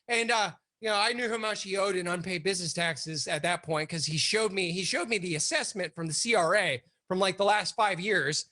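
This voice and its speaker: A man guest telling a story in a casual, animated and profane way, with many fillers. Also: high-pitched, fairly quick, hardly any pauses.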